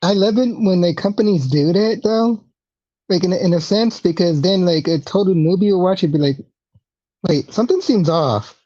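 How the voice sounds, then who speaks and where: A man co-hosting a casual wrestling podcast, giving quick amused reactions. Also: sits high, dark tone, dry recording. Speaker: podcast co-host. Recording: dull dry lo-fi mic.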